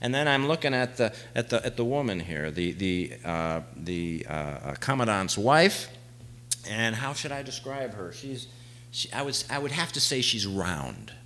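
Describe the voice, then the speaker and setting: A man performing a live stage monologue, telling an adventure story dramatically, swinging from hushed to shouting. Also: on the low side, sing-song, unhurried, poor audio. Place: small theater stage.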